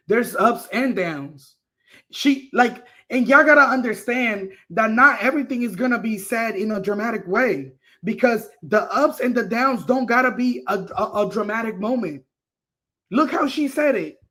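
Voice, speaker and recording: Brief: reaction host, mid-pitched, punchy repeated lines, slang-heavy commentary. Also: expressive, moderate pace, bright, forceful tone. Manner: emphatic, repeats phrases, slangy and profane.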